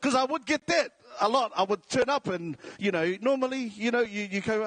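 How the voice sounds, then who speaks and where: Joking South Auckland man, high voice. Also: animated, moderate pace, a bit bright, no room sound. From New Zealand. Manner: jokey, self-deprecating. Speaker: comedian and radio host. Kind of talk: stand-up style talk. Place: large indoor venue.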